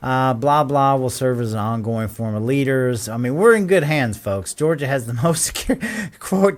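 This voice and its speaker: A man's voice: medium pitch, normal speed. Male host, sarcastic casual commentary with frequent amused laughs. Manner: sarcastic, laughs while reading quotes aloud.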